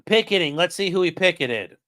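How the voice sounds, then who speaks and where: Man host live-streaming, smooth voice, loose and profane, chatty asides to viewers. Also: sits high, expressive, fairly quick, bright, forceful tone. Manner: rambling, profane, jokey asides to chat. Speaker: livestream host. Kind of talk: casual live-stream commentary.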